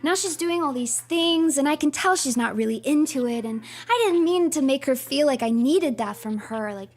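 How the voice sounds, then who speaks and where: A woman voicing a clueless, sweet young boyfriend who talks gently and apologetically, with faint music behind. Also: sits high, expressive, moderate pace. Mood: worried.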